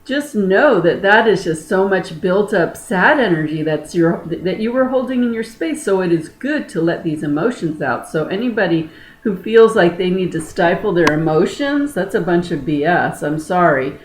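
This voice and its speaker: A woman's voice: lowish voice, animated, moderate pace, reverberant, low-quality recording. A woman energy healer giving a frank, emphatic motivational talk in a casual, blunt manner.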